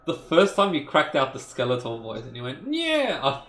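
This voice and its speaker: A man co-hosting a gaming podcast, excitable and teasing in casual chat, swearing often. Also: mid-range voice, moderate pace, echoey room. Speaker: podcast co-host.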